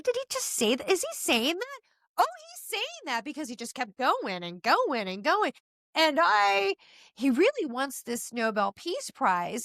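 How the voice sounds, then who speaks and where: Woman, podcast host, exasperated commentary, very lively delivery, dry close sound. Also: high voice, no echo. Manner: animated, exasperated ranting with frequent asides. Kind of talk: opinionated casual commentary.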